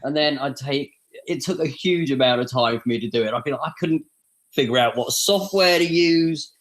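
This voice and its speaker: A man with a British received pronunciation accent, chatting casually as a podcast guest and telling animated, self-deprecating stories. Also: medium pitch, moderate pace. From England. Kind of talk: casual chat.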